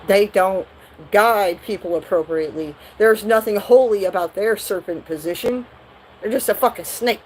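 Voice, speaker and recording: A woman's voice: mid-range voice, moderate pace, a little mellow, slight background noise, poor audio. A woman doing a live tarot reading, talking bluntly and profanely in a rambling way. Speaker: tarot reader.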